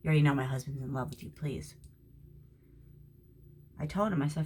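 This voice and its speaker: Low-voiced woman chatting through makeup. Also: normal speed, pauses often, a little hiss or hum. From Florida. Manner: chatty, talks to a friend while doing makeup, drops to soft whispers at times. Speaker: makeup vlogger. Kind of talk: casual makeup tutorial chat. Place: at home during quarantine.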